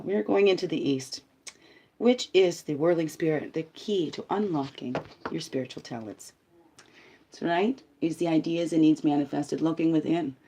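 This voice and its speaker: Middle-aged female spiritual host, low-pitched, loose and laughing delivery. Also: dark tone. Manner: playful, laughing, loose and rambling. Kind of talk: livestream spiritual talk.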